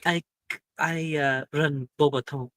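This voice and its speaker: GM doing a stately, slow headmistress, tall and grand. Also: medium pitch, steady tone, a bit bright, no echo. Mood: musing.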